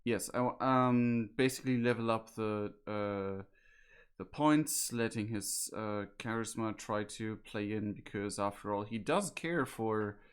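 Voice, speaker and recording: A man at a tabletop game, talking through what his character does in a slow, halting way. His voice sits lowish and sounds clean and smooth. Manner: hesitant, many fillers and restarts. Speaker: player.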